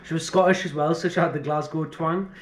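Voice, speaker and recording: A man with a slightly high voice trades stories and jokes in a loose podcast chat. He swears freely and laughs often, carrying the conversation with quick banter. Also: steady tone. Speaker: podcast co-host. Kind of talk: casual chat.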